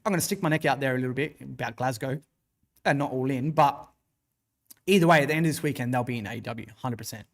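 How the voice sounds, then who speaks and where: A man's voice: mid-range voice, fast, creaky. An Australian man hosting a wrestling livestream, giving opinionated, rambling commentary, answering chat and swearing freely. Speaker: wrestling show host.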